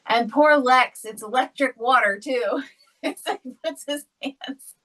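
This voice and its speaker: A woman's voice: sits high, measured pace, bright, forceful tone, far from the mic, rough recording. A woman co-hosting a podcast, telling a family story in a casual, chatty way and often laughing as she talks. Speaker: podcast co-host. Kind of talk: casual chat.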